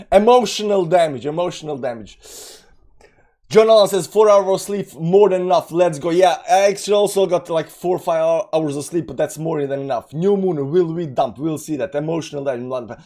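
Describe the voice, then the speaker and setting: Rambling crypto streamer, high-voiced man. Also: fairly quick, few pauses, warm tone. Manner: rambling, repeats himself, laughs at his own jokes. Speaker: crypto live-stream host. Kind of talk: casual live-stream chat.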